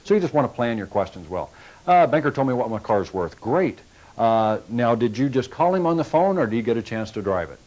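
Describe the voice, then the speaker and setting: A man's voice: medium pitch, big pitch swings, a little fast, a little mellow, low-quality recording. A man giving a sales training talk to car salespeople, folksy and coaching, acting out little customer exchanges as he goes.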